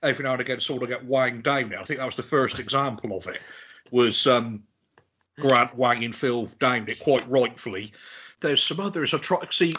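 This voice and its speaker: A man's voice: medium pitch, normal speed, bright, forceful tone, lo-fi sound, slight background noise. A man in his forties telling rambling, sweary stories in a casual podcast chat. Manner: rambling, sweary storytelling with restarts. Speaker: podcast guest.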